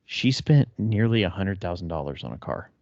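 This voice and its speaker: A man in his thirties co-hosting a podcast, chatting casually, blunt and quick to swear. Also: deep voice, big pitch swings, vocal fry, a little mellow, no room sound, dull audio. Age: 30s. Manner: blunt, profane, swears freely. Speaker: podcast co-host. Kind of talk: casual chat.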